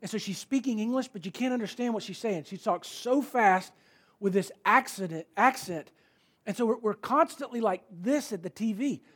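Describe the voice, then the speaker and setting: A man's voice: high voice, moderate pace, a bit bright, breathy edge. A man preaching a sermon in a conversational, emphatic way, repeating key words for stress. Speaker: pastor.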